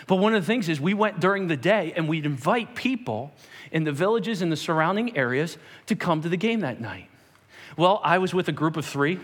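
A man from Pennsylvania preaching a sermon, telling stories with animated, acted-out dialogue. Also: a little high. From Pennsylvania, United States. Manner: animated storytelling, acts out dialogue.

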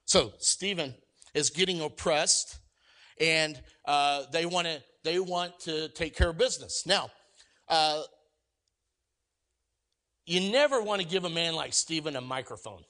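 A man preaching a sermon, energetic and emphatic, swinging from loud exclamations to quiet asides and acting out quoted lines. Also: on the high side, measured pace, long pauses. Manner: acts out quoted voices and jokes with the congregation. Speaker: pastor.

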